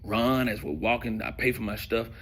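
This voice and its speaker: A man telling a profane stand-up comedy story, swinging between loud bursts and hushed asides. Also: medium pitch, normal speed, slight background noise. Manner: profane, animated storytelling with sudden volume drops.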